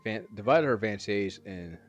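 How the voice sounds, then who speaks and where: A man reading a novel aloud in a halting way, stopping to correct misread words. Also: fairly low pitch, lively intonation, highs cut off, faint music behind. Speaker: reader.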